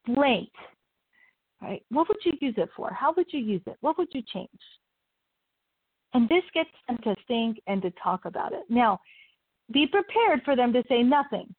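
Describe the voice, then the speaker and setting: A woman's voice: on the high side, dry recording. Woman giving coaching advice over a tinny line. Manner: warm advice-giving, laughs often, acts out sample questions. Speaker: guest coach. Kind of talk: interview conversation. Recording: tinny phone-like call audio, dry.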